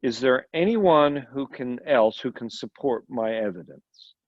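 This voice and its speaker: A man's voice: mid-range voice, animated, measured pace, dry recording. A man voicing a cold, composed foreign woman. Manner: quiet, composed, then intense. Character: calm, cold foreign woman, tall and pale. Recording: dull lo-fi recording.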